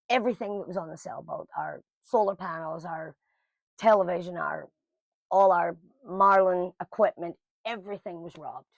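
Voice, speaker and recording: A woman's voice: lowish voice, gravelly, no echo. A middle-aged woman telling a personal story to camera in a casual, blunt and emotional way. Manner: emotional, blunt, lively quoting of others.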